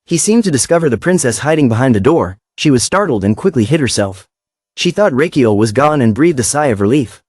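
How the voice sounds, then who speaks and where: A man's voice: medium pitch, animated, a little fast, a little mellow, no echo, clean studio sound. A man narrating a comic story recap in a plain storytelling manner.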